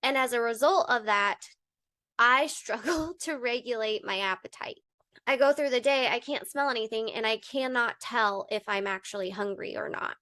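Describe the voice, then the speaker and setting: A young woman co-hosting a podcast with her mother, telling personal stories openly and with an animated, laughing manner. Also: on the high side, moderate pace, dry recording, studio quality. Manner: open, animated storytelling with laughs. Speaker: podcast co-host. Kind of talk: candid podcast conversation.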